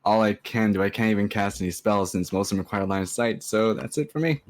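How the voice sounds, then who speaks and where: A woman playing a tabletop role-playing game, talking haltingly with laughs. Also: extremely low pitch, a crowd in the background. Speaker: player.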